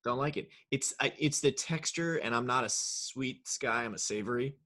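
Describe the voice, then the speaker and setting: A man's voice: mid-range voice, normal speed, bright, forceful tone. Guy cohosting a chatty podcast, jokey, tosses off silly bits. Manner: joking, riffs in silly put-on voices. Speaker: podcast co-host. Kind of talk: casual chat.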